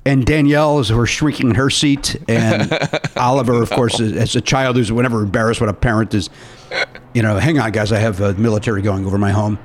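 A man's voice: lowish voice, fairly quick, a little hiss or hum. A man on a podcast, casually telling a story and acting out the quoted voices of the people in it. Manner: animated, acts out quoted voices in anecdotes. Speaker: podcast co-host.

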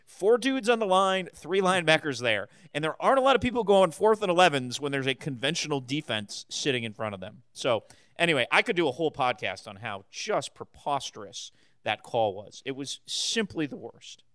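A man's voice: fairly high pitch, sing-song, a little fast, a bit bright, clean tone, no room sound. A man co-hosting a sports podcast who gives emphatic, opinionated takes in casual chat.

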